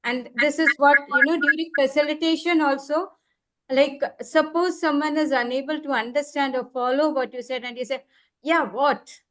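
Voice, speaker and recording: High-voiced woman leading an online workshop. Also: steady tone, fairly bright tone. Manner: explanatory, repeats key words for emphasis, slows on examples. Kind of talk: live online workshop instruction. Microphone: computer mic on a video call.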